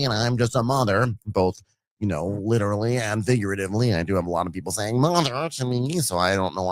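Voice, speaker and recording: A man voicing a serious reality-show woman who speaks in a low monotone and gives flat, insincere apologies. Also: no room sound, close to an everyday voice. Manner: low monotone, measured and wounded.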